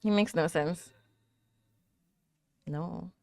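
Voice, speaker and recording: A woman's voice: lowish voice, very slow, gravelly, darkish tone, no room sound, studio quality. A woman hosting an anime reaction video, chatting casually and talking back at the screen, with frequent laughs and fillers. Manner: laughs often and coos at cute moments.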